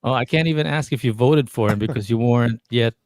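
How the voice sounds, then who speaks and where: A man's voice: medium pitch, fast, darkish tone, no room sound, studio quality. A man co-hosting a casual podcast over a video call, rambling through his points with lots of restarts. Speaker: podcast co-host. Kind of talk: casual chat.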